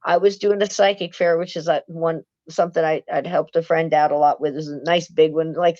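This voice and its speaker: Chatty woman, low voice, muffled sound. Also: darkish tone, no room sound. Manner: chatty, acts out quoted voices, frequent restarts. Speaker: guest, paranormal author. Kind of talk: casual storytelling chat.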